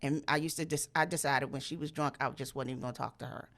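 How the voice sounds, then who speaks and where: A woman telling a story in casual chat, animated and profane, and she jumps into loud high voices when she quotes people. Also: fast talker. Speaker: storyteller host.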